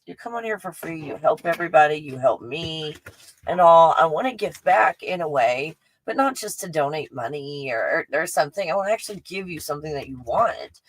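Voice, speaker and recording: A woman's voice: deep voice, lively intonation, fairly quick, rough recording. A woman hosting a live stream, chatting casually and effusively with her viewers and often restarting her sentences. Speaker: livestream host.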